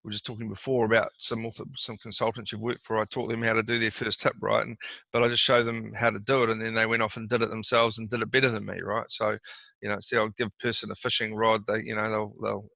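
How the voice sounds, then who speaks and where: A gravelly, bright-toned middle-aged man speaks in easy conversational fashion, restarting phrases and acting out quoted exchanges. The sound is dry and somewhat dull, like a video call. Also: on the low side, flat delivery, fast, no echo. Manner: conversational, repeats words, acts out quoted exchanges. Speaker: doctor giving advice. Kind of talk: casual explanatory interview talk.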